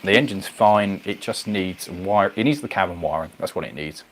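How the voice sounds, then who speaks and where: A man hosting a casual livestream, chatting to viewers in a rambling, animated way. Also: deep voice, normal speed, slight background noise. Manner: rambling, animated, goes off on tangents. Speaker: livestream host. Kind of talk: casual chat reading viewer comments.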